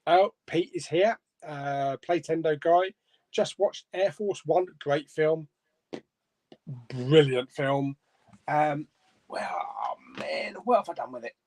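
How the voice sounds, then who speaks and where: A man's voice: a little high, takes it slowly, a little mellow, dry recording. A man hosting a casual live stream, reading viewer comments aloud and chuckling between them. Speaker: host of a live chat stream. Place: home room.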